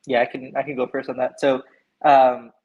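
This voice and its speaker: A Canadian man on a video call serves as a panelist, explaining at length and regularly asking "right?". His medium-pitched voice is husky and darkish, with a flat delivery at normal speed, and the recording sounds muffled.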